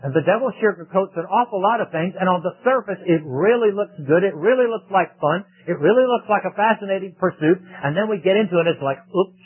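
A man's voice: sits high, fairly quick, few pauses, husky. A man preaching a sermon in a conversational way, often asking rhetorical questions. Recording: tinny phone-like radio broadcast.

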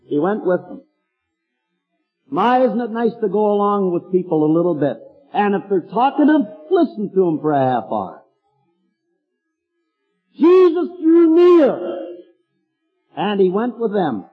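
Folksy older preacher, husky and high. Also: male voice, sing-song, normal speed, long reverb tail, narrow, tinny audio, soft background music. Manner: folksy, storytelling, chuckling asides. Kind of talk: folksy sermon.

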